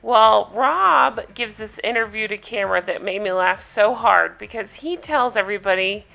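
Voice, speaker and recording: A woman hosting her own recap show, talking casually through the episode in a sarcastic, gossipy, animated way. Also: mid-range voice, normal speed, gravelly, soft background music. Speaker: podcast host recapping reality TV.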